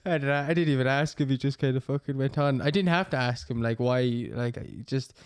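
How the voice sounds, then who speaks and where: A man's voice: medium pitch, brisk, smooth, dry recording, studio quality. A young Irish man telling rambling, laugh-filled stories in a casual pub chat. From Ireland. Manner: rambling storyteller, laughs often. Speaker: co-host.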